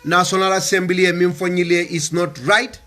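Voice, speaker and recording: A man's voice: high voice, monotone, brisk. A man with a Gambian accent, giving an impassioned political speech and pressing home rhetorical questions. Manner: forceful, repeats rhetorical questions. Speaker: political commentator.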